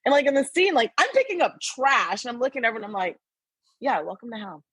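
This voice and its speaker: A bubbly woman chats casually as a podcast guest, her voice a bit husky. She laughs a lot and scatters "like" through her sentences. The sound is dry and close. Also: high-pitched, big pitch swings, fast, a bit bright, no room sound. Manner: bubbly, laughs often, many "like" fillers. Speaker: guest actress.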